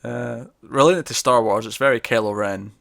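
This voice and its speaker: A man's voice: medium pitch, normal speed, gravelly, dry recording, clean studio sound. Chatty man reviewing a TV episode. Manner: chatty, laughs often, quotes scenes in lively bursts. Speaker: TV review podcast host. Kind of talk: casual review chat.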